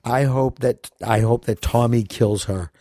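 A man venting in casual conversation, swearing freely and sounding fed up. His voice sits at an ordinary middle pitch. The recording is close and dry, with no room sound. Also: unhurried, warm tone, dry recording. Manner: profane, ranting, exasperated. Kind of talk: casual chat.

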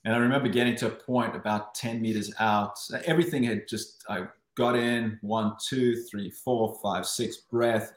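A fairly low-voiced man from South Africa recalls his swimming days in a lively, storytelling way. He often restarts his sentences and acts out what went through his head. The room around him sounds roomy and echoey. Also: normal speed, few pauses. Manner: animated, with frequent restarts and acted-out inner voices. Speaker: guest, former Olympic swimmer. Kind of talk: casual interview storytelling.

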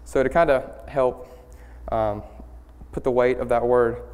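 A young man giving a student-led sermon, earnest and halting, with many ums and restarts. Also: medium pitch, steady tone, a little mellow, clean tone. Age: young adult. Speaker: student speaker leading worship. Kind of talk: church sermon. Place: church sanctuary. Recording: hall reverb in a church.

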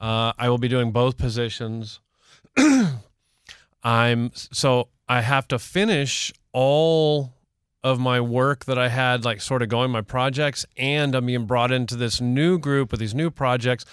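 Smooth-voiced man chatting on a podcast. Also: mid-range voice, steady tone, measured pace, fairly bright tone, dry recording, clean studio sound. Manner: self-deprecating, rambling with restarts. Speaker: podcast co-host. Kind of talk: casual chat.

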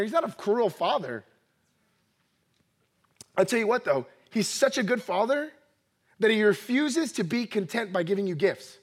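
Man, 30s, high-pitched pastor, animated sermon delivery, mimics voices and laughs. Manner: animated, acts out quoted voices, laughs often. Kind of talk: energetic sermon.

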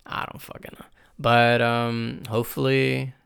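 Hoarse young guy with a raspy, gravelly voice, just rambling off the dome on his podcast, cussing a lot, tons of likes. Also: medium pitch, monotone, a little slow, a bit bright. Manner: rambling, swears a lot, many fillers. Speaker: podcast host. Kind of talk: casual unscripted podcast monologue.

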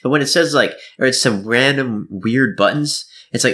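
Lively man with a bright, forceful voice. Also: mid-range voice, normal speed, hardly any pauses. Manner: animated, playful storytelling. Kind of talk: casual chat.

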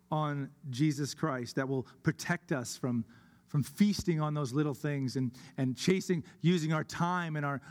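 A man delivers a sermon from the pulpit, earnest and deliberate, stretching out his key words. His voice sits a little higher than most men's. The long reverb of a church hall trails after every phrase. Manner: earnest, slows down for emphasis. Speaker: pastor.

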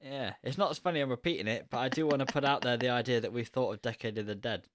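A podcast co-host on a casual film review show talks fast in a medium-pitched, slightly bright voice, with slight background noise. He rambles, corrects himself, and laughs a lot at his own asides.

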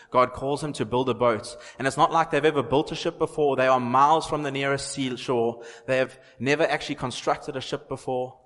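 A man's voice: mid-range voice, fairly bright tone. A man preaching a sermon in an earnest way, repeating phrases for emphasis. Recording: long hall reverb.

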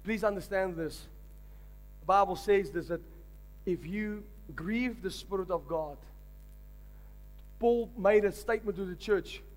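A high-pitched man preaching a sermon as pastor. He drives points home with repetition and rising emphasis, urging the congregation to answer back. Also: a little slow, long pauses. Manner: emphatic preaching with call-and-response.

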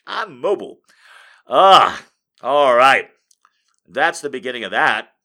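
A man rants to his audience in a bright, forceful voice that is full of swearing. His pitch swings widely as he moves from loud bursts to mumbled asides. The delivery is loose and animated. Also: measured pace, pauses often. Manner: animated, swearing, jumping between loud and quiet. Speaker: streamer. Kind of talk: casual profane ranting to an audience.

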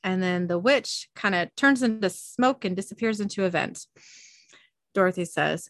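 A woman's voice: a little high, very animated, unhurried, pushed and bright, dry recording. Chatty woman recapping, dry close sound. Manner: chatty, laughing asides. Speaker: podcast host. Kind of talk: casual episode recap.

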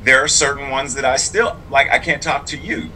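A man's voice: mid-range voice, steady tone, normal speed, bright, forceful tone, slight background noise, low-quality recording. A man who is both clergy and a public school teacher, speaking in a casual interview in an earnest, reflective and emphatic way.

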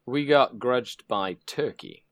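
A man's voice: medium pitch, takes it slowly, fairly bright tone, no echo, clean studio sound. A man from Canada, a guest on a podcast, talking casually about his team with lots of restarts. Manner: rambling, many fillers and restarts. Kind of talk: casual chat.

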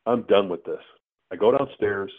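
A middle-aged man, a guest telling a personal story in an earnest, animated way. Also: on the low side, normal speed. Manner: earnest, animated storyteller acting out his own asides. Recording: tinny phone-line sound.

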